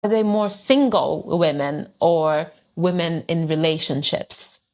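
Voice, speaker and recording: A woman's voice: sits low, unhurried, darkish tone. A woman hosting a conversation podcast, asking direct, probing questions of her guest. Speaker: podcast host.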